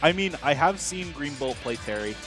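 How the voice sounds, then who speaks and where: A man commentating a fighting-game tournament live, his pitch bouncing all over the place as he reacts. He talks loosely and rambles, with lots of fillers and restarts. Clear background music plays under his voice. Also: animated, moderate pace. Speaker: esports commentator. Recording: music playing behind.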